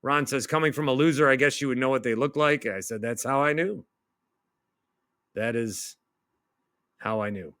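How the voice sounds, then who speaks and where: A middle-aged male radio host reading out online comments and firing back at them in a sarcastic, animated rant. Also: medium pitch, fast talker, hardly any pauses, no echo, clean studio sound.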